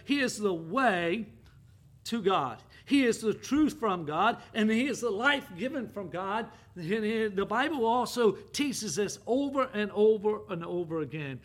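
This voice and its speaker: A man with a high voice preaches an emphatic sermon. He swings from loud, stressed scripture quotes to quiet, hushed appeals. He talks as a pastor addressing his congregation. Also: lively intonation, a little slow. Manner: emphatic preaching, rising and falling, drops to a hush for appeals.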